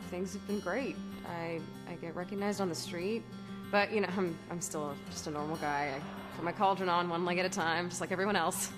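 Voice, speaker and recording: A woman's voice: mid-range voice, natural voice. A woman playing a washed-up man who climbed a mountain in a cauldron, rambling awkwardly in a comedy sketch. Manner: awkward, rambling, trying to sound upbeat.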